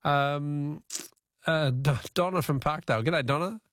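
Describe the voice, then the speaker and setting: A man's voice: a little high, measured pace, fairly bright tone, dry recording, clean studio sound. Jovial Australian radio host, man. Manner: jovial, chuckling, easygoing. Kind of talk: casual talkback chat.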